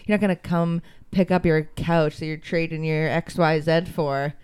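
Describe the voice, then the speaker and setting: A woman's voice: low voice, fairly even intonation, moderate pace, darkish tone, smooth. A woman co-hosting a casual podcast. She is playful and teasing, and she laughs easily as the two hosts banter back and forth. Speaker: podcast co-host.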